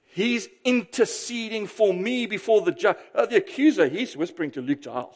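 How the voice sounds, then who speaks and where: This pastor's sermon is animated and forceful, peppered with rhetorical questions and alternating loud bursts with soft remarks. He speaks high and fairly fast, barely pausing.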